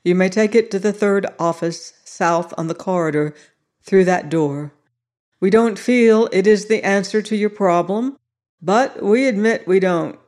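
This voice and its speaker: A benign old male sociologist from an audiobook, speaking softly but insistently, as the narrator puts him on. He sounds patient and grave, and he keeps pressing his point without raising his voice. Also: mid-range voice, unhurried, lightly acted. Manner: soft and insistent. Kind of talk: audiobook reading.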